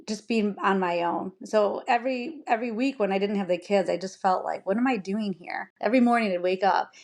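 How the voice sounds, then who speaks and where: An American woman in her forties talks openly as a podcast guest. She speaks in an earnest, emotional way, trailing off and restarting her sentences. Her pitch sits in the middle range. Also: a little fast, darkish tone. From United States. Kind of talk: candid personal storytelling.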